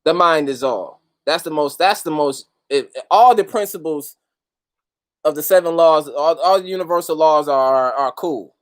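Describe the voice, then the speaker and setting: A man with a voice on the high side hosts a relaxed livestream at a moderate pace. Greeting viewers by name, he talks casually with heavy street slang and plenty of profanity.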